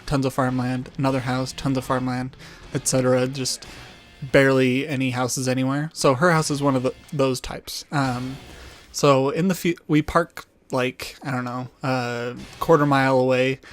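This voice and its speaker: A young man, a channel host, telling a casual story with lots of ums and restarts. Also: medium pitch. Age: young adult. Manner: rambling, many ums and restarts.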